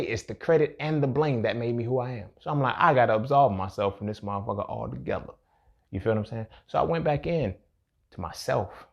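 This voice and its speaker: Gravelly man in a reflective monologue. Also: medium pitch, muffled recording. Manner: profane, streetwise, reflective, says "you feel me" often. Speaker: podcast host. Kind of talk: casual personal monologue.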